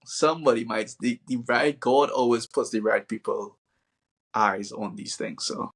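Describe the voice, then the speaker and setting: A man hosting a casual interview, laid-back and slangy, warmly enthusiastic about his guest's advice. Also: medium pitch, measured pace, breathy edge. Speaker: podcast host.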